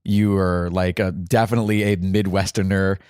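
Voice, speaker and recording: A man from New York hosting a podcast, animated and fast-talking, chatting casually and laughing often. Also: sits low, clean tone, no echo, clean studio sound. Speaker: podcast host.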